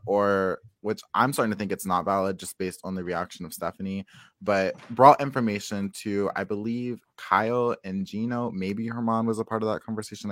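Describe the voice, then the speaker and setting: A man's voice: fairly low pitch, fairly bright tone, no room sound. A man co-hosting a casual recap chat, hedging often with "like" and "I guess". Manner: hedging, many fillers like "like" and "I guess". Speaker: podcast co-host.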